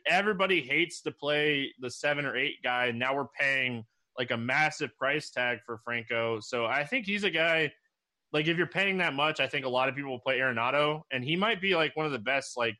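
A man talks through fantasy baseball picks in a loose, casual way, with lots of "like" fillers. His voice is bright and a bit forward, at a middle pitch. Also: moderate pace. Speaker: co-host analyst. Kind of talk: fantasy baseball strategy chat. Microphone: desk mic.

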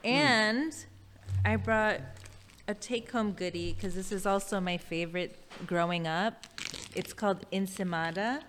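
A woman's voice: mid-range voice, unhurried, fairly bright tone, slight background noise. A young adult woman, a guest photographer, chatting in a friendly way and explaining things simply. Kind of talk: casual interview chat. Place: studio room in Queens, New York. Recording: long reverb.

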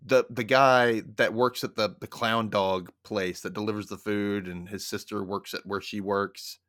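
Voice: sits low, fairly even intonation, unhurried, a bit bright, no echo, clean studio sound. A podcast guest in casual chat, talking loosely with lots of "like" and "you know.".

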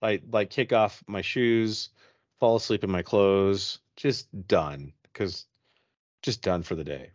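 This lo-fi, dry recording captures a low-voiced man casually spinning a ghost story on a podcast. He rambles and swears freely, playing out his own reactions as he goes in a lively, animated way.

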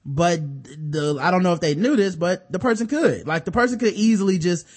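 A man's voice: sits high, a little fast. A man co-hosting a podcast, explaining a story in loose, profane casual chat with many restarts. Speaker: podcast co-host.

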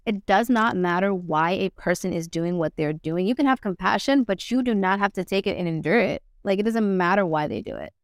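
A woman's voice: medium pitch, a little fast, few pauses, no echo, studio quality. Blunt, profane woman telling her story. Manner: blunt, profane, animated retelling. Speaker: podcast guest. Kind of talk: candid conversational storytelling.

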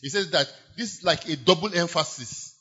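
A man preaches a sermon in a fairly high, sharp and husky voice. He leans hard on key phrases, repeating and stretching them, and leads his listeners in call-and-response declarations. The recording sounds dull and lo-fi. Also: brisk. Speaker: pastor.

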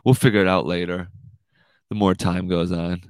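A man's voice: low-pitched, flat delivery, normal speed, dry recording. A man hosting a casual livestream podcast, rambling and swearing, saying "dude" a lot. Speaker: podcast host.

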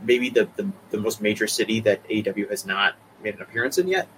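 A man with a Boston accent and a bright, forceful voice co-hosts a casual wrestling chat. He gets animated and repeats words as he pushes his points. Faint noise hums behind him. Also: fairly low pitch, quick pace, rough recording. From Boston area. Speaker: co-host.

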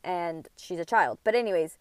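On her podcast, a woman in her thirties indignantly vents a personal story, cursing freely and rambling from one grievance to another. Her smooth, clear voice sits on the low side at a moderate pace, recorded close and dry with no room sound.

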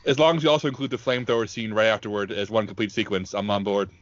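A man hosting a podcast in casual chat, eager and quick when pitching his picks, on dull lo-fi audio. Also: steady tone, dry recording. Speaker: podcast host.

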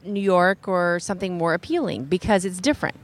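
Relaxed woman co-hosting radio. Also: on the low side, brisk. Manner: relaxed, filler-heavy, uses "like" often. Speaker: radio co-host. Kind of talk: casual talk and ad reads.

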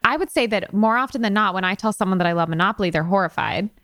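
A woman hosting a podcast interview in a relaxed, playful way, often laughing along with her guest. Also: medium pitch, fast. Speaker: podcast host. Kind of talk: casual interview chat.

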